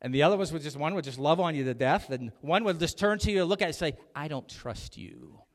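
A middle-aged pastor with a fairly high-pitched voice speaks rapid-fire, his words trailing long hall reverb through the church sanctuary. He keeps the sermon chatty and jokey, calling out to the people in the pews.

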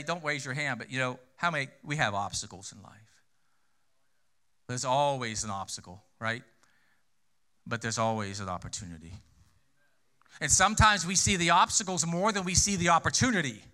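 A pastor delivers his sermon in a chatty style, using rhetorical questions and repeated key phrases for weight. His fairly high voice is bright and forceful, moving at normal speed but with long pauses.

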